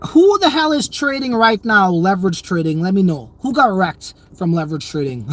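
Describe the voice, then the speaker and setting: A man's voice: sits high, sing-song, normal speed, fairly bright tone. A young man hosting a crypto livestream, chatting loosely in slang and reading viewer comments. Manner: slangy, loose and rambling, many fillers.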